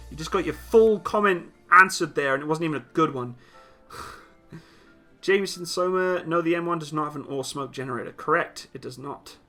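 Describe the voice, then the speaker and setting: A young Briton runs a casual live question-and-answer stream, reading comments aloud and answering bluntly with some teasing at a moderate pace. His slightly high voice is bright and forceful, with faint music playing quietly behind.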